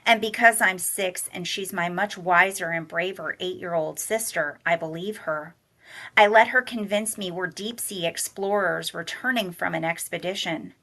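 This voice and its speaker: A woman reading a novel aloud in a measured, soft-spoken way, slowing down on the somber passages. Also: fairly low pitch. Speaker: college director and humanities teacher reading aloud.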